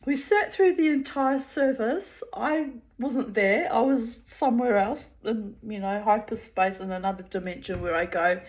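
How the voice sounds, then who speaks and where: Kiwi woman telling a funny story, fairly high voice, self-mocking. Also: measured pace, few pauses. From New Zealand. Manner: animated, self-mocking, often laughing. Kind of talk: casual anecdote.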